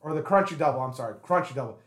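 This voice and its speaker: A man's voice: mid-range voice, animated, racing, echoey room. A man chatting casually on a podcast, running through items from a list.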